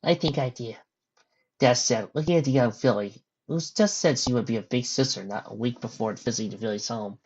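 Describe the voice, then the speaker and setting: A reader narrating a fan story in a plain middle-pitched voice, dropping casual asides between passages. The recording is muffled and lo-fi. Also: fairly quick, hardly any pauses, darkish tone, slightly rough. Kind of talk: reading a fan story aloud. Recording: dull lo-fi recording.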